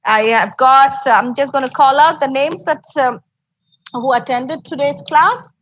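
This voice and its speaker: A woman's voice: high voice, measured pace, fairly bright tone, a little hiss or hum, low-quality recording. A woman with an Indian English accent teaching an online English class, encouraging and explaining step by step with many fillers.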